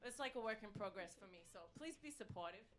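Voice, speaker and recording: A woman playing a brash, cocky male talk show host with a put-on New York accent, delivering boastful deadpan one-liners live on stage. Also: medium pitch, quick pace, slight background noise, natural voice. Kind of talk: stand-up character comedy. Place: live stage before an audience.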